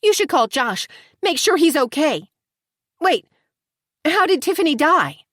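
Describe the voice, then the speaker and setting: A woman narrator voicing an excitable, indignant young bride in an audiobook, with a high, emphatic and loud delivery. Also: unhurried, no room sound, clean studio sound, full character voice.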